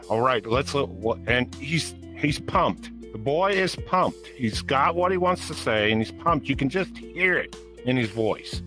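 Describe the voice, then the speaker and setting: A man's voice: mid-range voice, poor audio. A man co-hosting an interview show, chatting casually in a rambling, folksy way with loose grammar. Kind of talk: casual chat.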